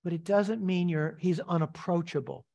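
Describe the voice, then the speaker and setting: A man's voice: on the high side, moderate pace, creaky, dark tone. A man preaching a sermon as pastor, emphatic and repetitive, asking the congregation rhetorical questions.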